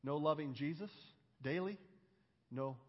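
A man preaching a sermon as pastor, earnest and emphatic, building intensity and then dropping low. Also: a little slow. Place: church sanctuary. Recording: muffled recording with long hall reverb.

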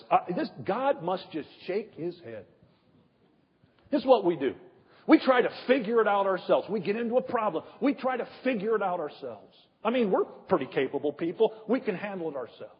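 A male pastor delivering a sermon with emphatic rhetorical questions and drawn-out pauses, his voice husky. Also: high-pitched. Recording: dull echoey hall.

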